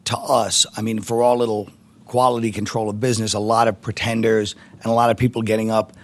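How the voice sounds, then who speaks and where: A man's voice: lowish voice, fast talker. A man, a comedian telling rambling stories with laughter in a casual interview. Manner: rambling, laughing, animated impressions. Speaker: comedian guest.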